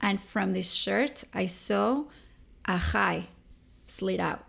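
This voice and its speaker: Gravelly-voiced woman from Venezuela telling stories. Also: medium pitch, slow. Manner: animated, acts out quoted people. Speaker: interview guest. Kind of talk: storytelling in a casual interview.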